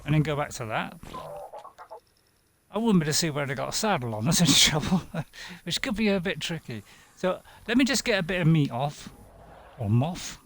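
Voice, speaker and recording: A man streams a game in a loose, rambling chat, often answering his own questions with a chuckle. His voice sits a little high for a man and swings up and down a lot. It has a gravelly edge throughout. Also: very animated, moderate pace, pauses often, a bit bright, slight background noise. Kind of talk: casual gameplay commentary.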